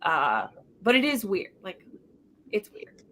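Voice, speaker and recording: A woman hosting a casual live book chat, talking animatedly in quick runs full of "like". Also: medium pitch, wildly swooping pitch, sharp tone, rough recording. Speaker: book club host.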